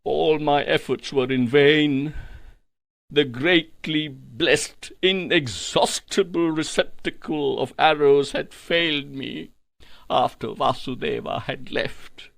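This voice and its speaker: A man narrates an audiobook with a solemn, dramatic delivery. His voice sits high for a man and carries a gravelly texture. He reads slowly in a dry, close recording. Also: no echo. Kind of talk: scripted first-person narration of a spiritual text.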